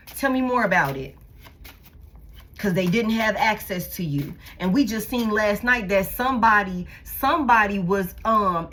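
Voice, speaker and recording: A woman's voice: medium pitch, fairly bright tone, slightly rough. A woman giving a casual tarot reading, blunt and profane, repeating herself for emphasis. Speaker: tarot reader.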